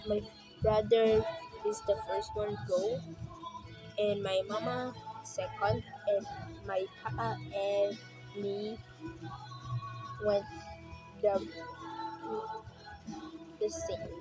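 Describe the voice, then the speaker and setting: Slow, halting Filipino woman vlogger. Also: medium pitch, over music, low-quality recording. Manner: halting, restarting, emotional. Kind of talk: casual rambling vlog.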